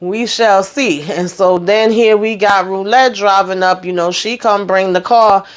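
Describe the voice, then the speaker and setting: A woman's voice: medium pitch, unhurried. Chatty woman recapping a show. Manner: chatty, animated, talks to viewers with "honey" and "okay". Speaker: TV recap host. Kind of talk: casual TV episode recap. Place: hot home room.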